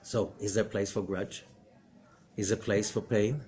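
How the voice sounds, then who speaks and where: A middle-aged man, a rabbi giving a spoken lesson, animated, with rhetorical questions and sudden swings between loud emphatic bursts and low quiet passages. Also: a little slow, a little hiss or hum. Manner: rhetorical questions and acted-out quotes. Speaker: rabbi and Zohar teacher.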